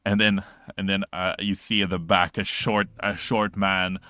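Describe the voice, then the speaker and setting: A man narrating as game master, in a casual, halting style with many fillers. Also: low voice, flat delivery, pushed and bright, clean tone.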